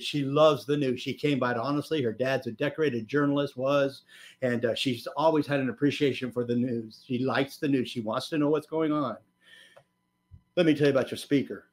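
A male pastor preaching a sermon, telling a story with lively swings between booming and hushed delivery, in a church. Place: church sanctuary.

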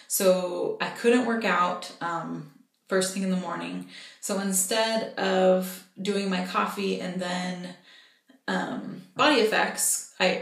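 A woman's voice: on the low side, gravelly. Frustrated woman venting in an echoey room. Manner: frustrated, discouraged venting with frequent ums. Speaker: vlogger. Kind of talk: candid personal vlog.

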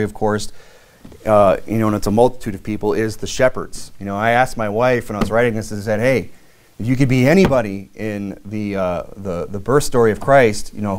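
A man's voice: lowish voice, darkish tone. Conversational male pastor preaching. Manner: conversational preaching with many fillers and restarts. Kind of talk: sermon.

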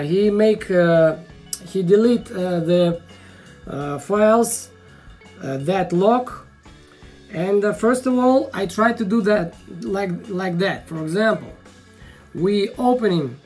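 Explaining a software fix in a casual tutorial, this woman, a video tutorial maker, speaks halting, filler-heavy non-native English in a mid-range voice. Frustration creeps in, and she swears occasionally.

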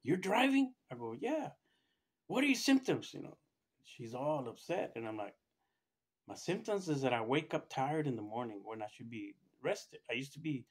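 Man casually retelling a personal story. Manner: rambling, acts out quoted voices with raised pitch, many restarts. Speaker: storyteller recounting his own experience.

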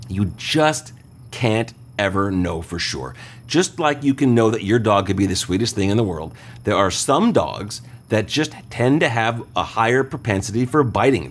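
A man hosting a radio advice show, explaining things step by step and often checking in with listeners. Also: on the low side. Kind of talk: call-in radio advice talk.

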